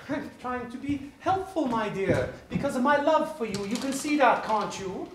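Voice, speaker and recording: Here is a middle-aged husband gone cold and mocking, each word clipped and formal. His pitch moves about a lot. The stage play sounds roomy, with faint noise behind. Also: animated, measured pace. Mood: menacing. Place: theater stage.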